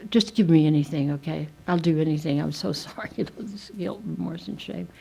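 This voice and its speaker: A woman's voice: medium pitch, darkish tone, rough recording. An older woman sharing her story at a recovery meeting, a chatty, self-mocking storyteller who restarts her sentences often. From United States. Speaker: AA speaker. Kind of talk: speaker meeting share. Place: meeting room.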